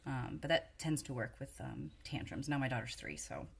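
Female co-host, young adult, low husky voice, chatty and hedging. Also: very animated, normal speed. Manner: chatty, hedging, many fillers and laughs. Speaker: podcast co-host. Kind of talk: casual parenting chat.

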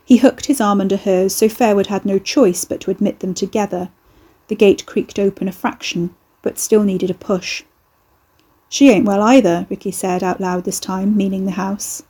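Woman audiobook narrator, steady and even, mellow with a husky edge. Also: medium pitch, moderate pace, few pauses. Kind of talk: scripted narration.

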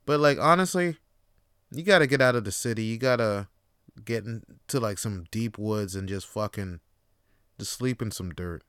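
A man's voice: lowish voice, moderate pace, fairly bright tone, clean tone, dry recording. A young man hosting a podcast who talks in a rambling, profane and blunt way, close to the mic. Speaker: podcast host. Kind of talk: casual monologue.

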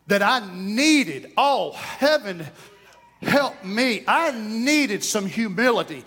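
A man's voice: extremely high pitch, a bit bright. A man with an East Texas accent, a pastor preaching a folksy, joking, conversational sermon in church. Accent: East Texan. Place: church sanctuary.

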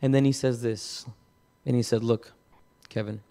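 Halting man telling a sermon story. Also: mid-range voice, fairly even intonation, warm tone. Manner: storytelling, halting with repeated words. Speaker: pastor. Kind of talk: sermon testimony.

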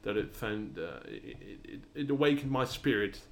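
A man's voice: on the low side, very animated, moderate pace, creaky, a little hiss or hum. A young man with a British-leaning accent, hosting a solo podcast and rambling with many restarts and fillers. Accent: British-leaning English, non-native. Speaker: podcast host.

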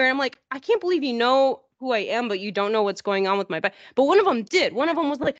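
A woman chatting on a podcast, telling a rambling story and jumping up in pitch when she acts out what others said. The sound is dry with no room at all. The audio is dull and a bit lo-fi. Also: very animated, fast talker, few pauses, dry recording. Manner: rambling, acts out quoted people in a higher voice. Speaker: podcast host. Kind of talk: casual storytelling chat.

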